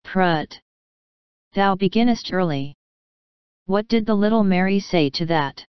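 Brief: woman reading a fatherly older professor, unhurried, teasing warmly, crisp clear delivery. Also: medium pitch, dry recording, lo-fi sound, close to an everyday voice. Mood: gently teasing. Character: kindly German professor, older man.

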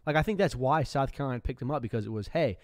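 A man co-hosts a live sports talk show in a middle-pitched voice. He talks fast, piling up his analysis quickly. His voice sounds dry and close, with no room echo. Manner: rapid, animated analysis. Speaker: co-host.

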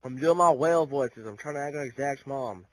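A man rapping along to a song over gameplay, cursing and yelling in frustration between tries. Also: mid-range voice, normal speed, poor audio. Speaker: gaming video creator.

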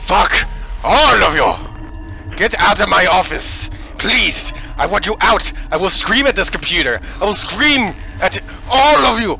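A man giving let's play commentary, excitable and swearing as he yells at the game. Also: high voice, moderate pace, creaky, soft background music, poor audio.

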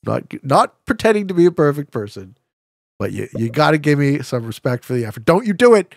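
A man from Canada streaming a board game live, excitable and swearing, laughing often and bursting into shouts. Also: on the high side, a little fast, gravelly, dry recording, studio quality. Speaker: streamer playing an online strategy board game.

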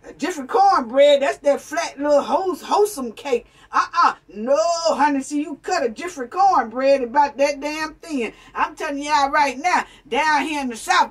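A woman's voice: sits high, distant mic. A woman raised in New York, giving a blunt, profane, preachy commentary rant straight to her viewers, calling them family and honey. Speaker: commentary vlogger. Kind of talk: ranting commentary.

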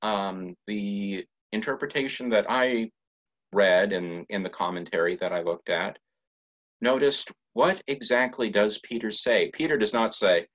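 A man preaching a sermon as a guest pastor in a church, in a measured, reflective way with pauses. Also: on the low side, lively intonation, a bit bright, lo-fi sound. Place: church sanctuary.

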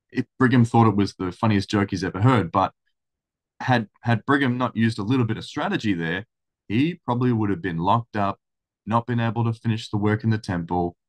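A man reading a historical account aloud in steady storytelling, then commenting casually. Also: lowish voice. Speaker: religious study channel host.

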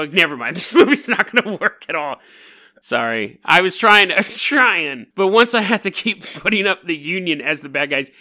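Bright-voiced, jokey male podcast host. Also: on the high side. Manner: animated, jokey, digressive. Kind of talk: casual true-crime storytelling podcast.

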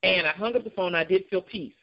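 A woman guest telling a personal story in an interview, animated and laughing often, acting out the voices of people in it. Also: on the low side, fast talker, highs cut off. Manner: laughs often while talking.

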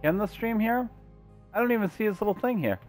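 A man's voice: high voice, expressive, fast talker, soft background music. A man streaming gameplay live, chatting to his viewers and cracking puns as he plays. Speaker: gaming streamer.

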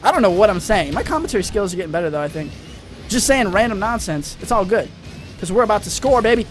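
A young man giving excitable let's-play commentary, rambling fast and yelling at his teammates. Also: high-pitched, soft background music. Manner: hyper, rambling, yells at teammates. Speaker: gaming channel host.

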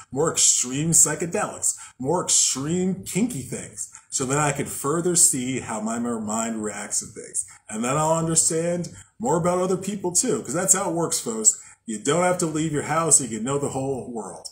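A man's voice: mid-range voice, a little hiss or hum, poor audio. Loose, profane, joking podcast host man. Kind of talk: casual monologue on spiritual practice.

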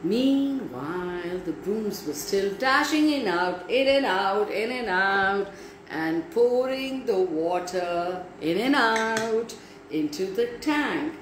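Slow, animated woman storyteller. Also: medium pitch. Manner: animated, talks to listeners directly. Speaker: children's storyteller. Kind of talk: storytelling for children. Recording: echoey room, faint background noise.

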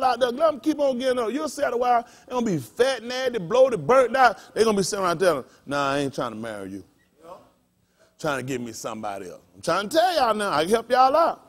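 High, animated preacher man. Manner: animated, bursts into shouts and laughter, folksy preaching. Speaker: pastor. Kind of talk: sermon with personal storytelling. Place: congregation hall.

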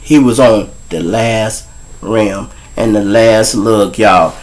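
A man hosting his own show, telling profane street stories in an animated way. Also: lowish voice, slow pace, low-quality recording. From Chicago. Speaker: show host. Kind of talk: storytelling monologue.

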